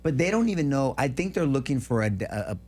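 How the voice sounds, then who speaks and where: A male co-host of a political talk show, talking in a rambling, profane way. He often stumbles and restarts mid-sentence, at a middling pitch, with faint music under him. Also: very animated, brisk, darkish tone.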